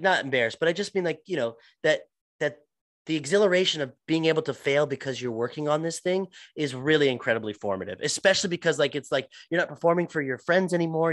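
A man's voice: fairly high pitch, no room sound. A young adult man, an actor, chatting casually on a podcast, rambling with lots of restarts and fillers.

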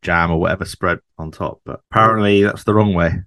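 In clean studio sound with no echo, a man co-hosting a podcast talks about a TV sitcom in a chatty way, leaning on tag questions. His voice sits low with a steady, sharp tone and a brisk pace.

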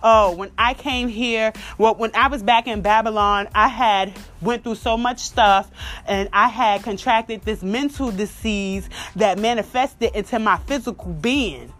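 A woman imitating a dreamy woman who confesses in a slow, mocking drawl. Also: a little high, fairly bright tone, soft background music. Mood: mock-serious.

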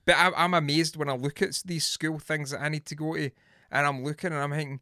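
A man's voice: on the high side, fairly even intonation, quick pace, pushed and bright, dry recording, clean studio sound. A Scottish man co-hosting a podcast, chatting bluntly and swearing freely. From Scotland. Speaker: podcast co-host. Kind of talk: casual chat.

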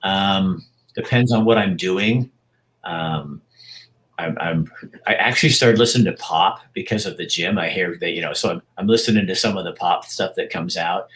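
Deep-voiced man in his sixties, reflective. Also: fairly bright tone, low-quality recording. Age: 60s. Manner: reflective and frank, halting restarts. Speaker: interviewee. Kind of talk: candid personal interview.

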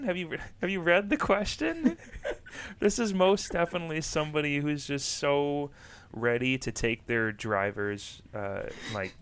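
Man, podcast co-host, bright tense voice, riffs on jokes, casual chat. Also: on the low side, slight background noise. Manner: riffs on jokes, spins long absurd stories.

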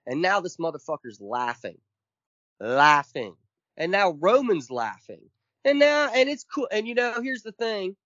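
Podcast co-host, man, high-ish voice, emphatic profane rant, dull dry lo-fi sound. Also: very animated, measured pace, fairly bright tone, no echo. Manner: emphatic, profane, counts off points.

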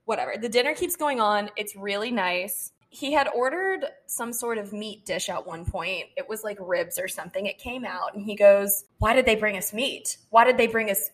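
A woman's voice: medium pitch, normal speed, few pauses. A young woman co-hosting a podcast, telling a dating story in casual chat, acting out what people said and laughing often. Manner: animated, quotes people in her own voice, laughs often. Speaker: podcast co-host.

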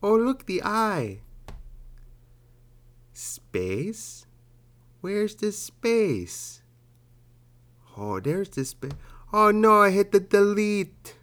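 A man's voice: sits high, sing-song, very slow, pauses often, fairly bright tone, pitched above the performer's own voice, exaggerated voice. A man doing a flustered old lady. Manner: wavering, exclaiming, searching aloud. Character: fumbling, flustered elderly woman texting.

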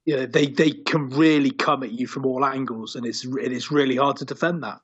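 A man's voice: medium pitch, fairly even intonation, fairly quick, few pauses, slightly rough. A man with a West Country accent co-hosting a casual sports podcast, easygoing and jokey. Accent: West Country English. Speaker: podcast co-host. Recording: dull lo-fi sound.

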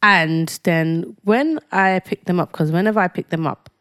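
A woman's voice: on the low side, normal speed, clean tone. A woman co-hosting a casual podcast, telling stories with mock exasperation. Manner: animated storyteller, mock-exasperated. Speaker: podcast co-host. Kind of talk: casual chat.

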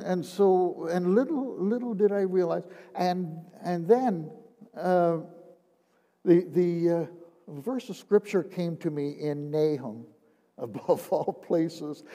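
An older man gives a personal testimony in a slow, halting way, repeating his words and sinking into a hushed tone. His voice sits a little high and sounds mellow and dark. A long reverb from a large hall trails behind him. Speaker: retired minister.

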